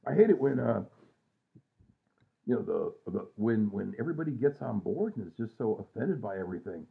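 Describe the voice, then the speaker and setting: A man's voice: lowish voice, big pitch swings, a little fast, gravelly. A man in his sixties rambling casually and self-mockingly at home at night, trailing off with lots of fillers. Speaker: vlogger. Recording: tinny phone-like sound.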